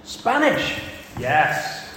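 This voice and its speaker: A man leads a church family talk, animated and quizzing the children as he reads from the Bible. His fairly high voice rings out in a big echoey hall with a long reverb tail. A faint hum of the room sits behind him. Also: drawn-out words. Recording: echoey hall, distant mic.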